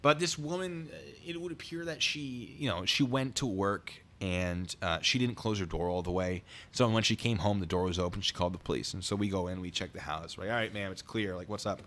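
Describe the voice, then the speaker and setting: Man, young adult, casual storytelling, slightly low pitch, bright tone, animated. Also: brisk, hardly any pauses. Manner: animated, acts out quoted voices; self-described deadpan humor. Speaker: streamer telling stories.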